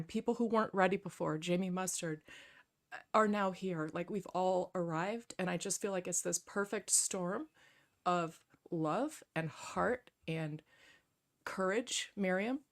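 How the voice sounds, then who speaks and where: A woman's voice: lowish voice, unhurried. A woman speaking emotionally on a community livestream, effusive and close to tears, rambling as she thanks everyone. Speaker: community member. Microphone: handheld mic held close.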